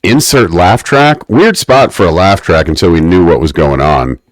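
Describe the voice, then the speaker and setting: A man with a very low voice recaps a TV episode on a podcast, slipping into mock-academic rants. The sound is dry and close, with no room around it. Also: lively intonation, moderate pace, dry recording. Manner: wry, mock-academic ranting. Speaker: podcast co-host. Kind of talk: casual podcast recap chat.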